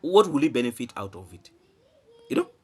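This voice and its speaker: A man's voice: mid-range voice, very animated, a little fast, warm tone, breathy edge. A man giving emphatic vlog commentary, repeating phrases and asking rhetorical questions. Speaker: vlogger. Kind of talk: animated commentary to camera.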